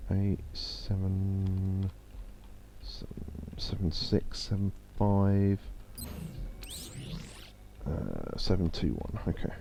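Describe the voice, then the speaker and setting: A man's voice: low voice, mellow. A man giving rambling, laid-back commentary as he plays a game live, reading game text aloud as he goes. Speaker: streamer playing a game. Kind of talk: casual let's-play commentary. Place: home streaming setup. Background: faint game music.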